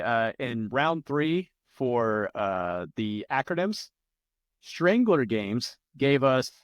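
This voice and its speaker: A man runs an online trivia night from a room at home, reading answers aloud in a loose, offhand way. He drops jokes and the odd curse between questions. His voice is mid-pitched and sounds dry and close to the mic. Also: clear, resonant tone, no echo. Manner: loose, joking, profane asides while reading answers. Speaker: trivia host. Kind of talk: casual live-stream trivia hosting. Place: home room with a large plant behind him.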